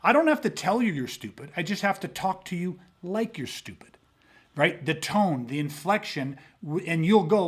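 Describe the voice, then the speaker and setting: A man's voice: on the high side, brisk, slightly rough. A man co-hosting a podcast, talking casually and emphatically with frequent swearing. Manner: emphatic, profane, animated storytelling. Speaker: podcast co-host.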